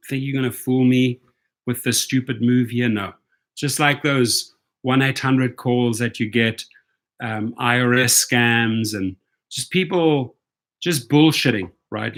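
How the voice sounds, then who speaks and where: A man's voice: medium pitch, a bit bright. South African man hosting a livestream. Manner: emphatic, punctuates points with "right?". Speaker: rideshare channel host. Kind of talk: livestream talk reading viewer chat.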